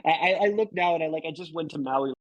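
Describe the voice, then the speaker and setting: A man's voice: on the high side, fast, no echo, muffled recording. A man in his thirties telling a travel story in a casual interview, laid-back, swearing and calling people dude and bro. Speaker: guest photographer.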